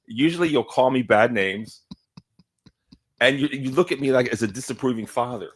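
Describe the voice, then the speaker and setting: A man co-hosting and producing a casual talk show, rambling and stopping often to clear his throat. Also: mid-range voice, moderate pace. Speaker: co-host and producer. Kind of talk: casual chat.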